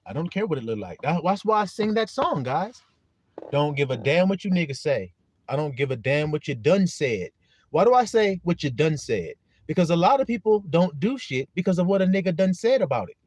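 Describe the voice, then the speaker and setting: A man preaching informally on a live stream, animated and profane, breaking into shouts and acting out voices. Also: on the high side, brisk, no room sound. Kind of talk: informal street-style preaching.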